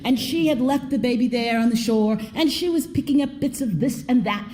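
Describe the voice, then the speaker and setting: A woman telling a folk tale on stage, expressive, swooping in pitch and dropping to a hush. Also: a little fast. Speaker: storyteller. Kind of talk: live storytelling performance. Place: theater stage before an audience.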